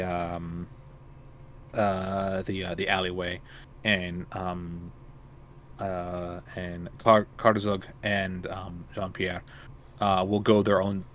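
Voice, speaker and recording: A man narrating a tabletop game as game master, halting often with ums and restarts. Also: low voice, slight background noise.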